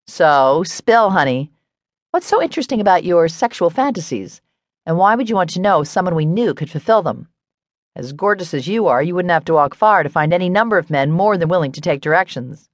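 A woman's voice: lowish voice, animated, fairly quick, no room sound, natural voice. A woman voicing a nosy, teasing woman who works as a stylist, with a playful, prying manner, in an audiobook.

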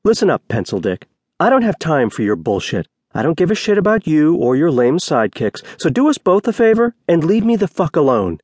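A male narrator voicing a tough, sharp-tongued woman ex-SWAT officer in a cold, cutting, profane manner. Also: mid-range voice, wildly swooping pitch, fairly quick, slightly rough, dry recording, clean studio sound, heavily acted.

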